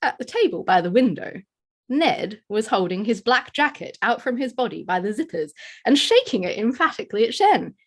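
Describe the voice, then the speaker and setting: A woman's voice: a little high, lively intonation, moderate pace. A woman reading a story aloud as narrator, giving small voice shifts to quoted characters. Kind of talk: scripted narration.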